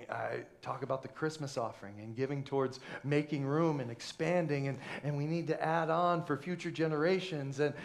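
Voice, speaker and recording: A man pastor giving an animated, conversational sermon with many restarts, in a church sanctuary. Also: a little high, gravelly.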